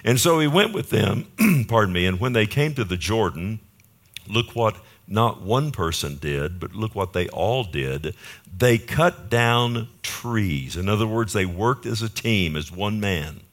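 A male pastor delivers a sermon to his congregation in a relaxed, conversational way. His voice sits on the low side, and he keeps turning to the listeners with rhetorical questions. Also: moderate pace. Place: church.

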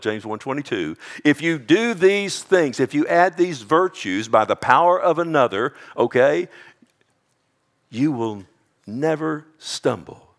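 A man preaching a sermon, swinging between hushed, drawn-out lines and loud ones, often calling out "amen" and "loved one" to his listeners. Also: mid-range voice. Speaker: pastor.

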